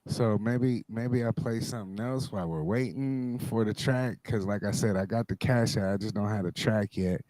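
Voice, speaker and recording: A man's voice: on the low side, normal speed, hardly any pauses, dry recording, studio quality. A man acting as DJ co-host on a live stream, talking casually and hyping up the chat. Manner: relaxed, hypes the audience.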